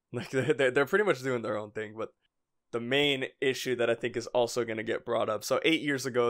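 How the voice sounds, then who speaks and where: A man's voice: medium pitch, a bit bright. Rambling young-sounding male podcast co-host. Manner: rambling, heavy on "like" fillers, frequent chuckles. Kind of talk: casual fan podcast chat.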